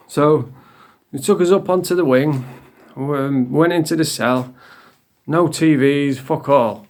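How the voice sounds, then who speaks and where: A man's voice: on the high side, slow, pauses often, darkish tone. A man, a former prisoner telling stories in a blunt, sweary manner with dry humour. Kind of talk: casual storytelling to camera.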